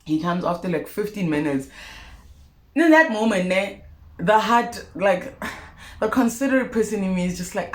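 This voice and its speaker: A young South African woman telling a personal story to her viewers in a vlog, expressive and animated. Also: medium pitch, normal speed, pauses often. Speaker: YouTuber. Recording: roomy echo.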